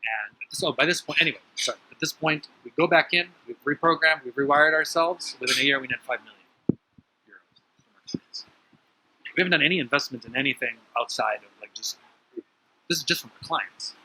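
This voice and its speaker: A man speaks in a motivational talk, his voice very bright and slightly high. He tells stories with emphasis, and his pitch jumps up suddenly when he gets excited. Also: brisk, slight background noise, low-quality recording. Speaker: spiritual teacher.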